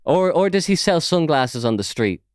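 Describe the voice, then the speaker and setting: A man's voice: a little high, sing-song, normal speed. A man with an Irish accent hosting a casual podcast chat, sweary and mocking as he rambles. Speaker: podcast host.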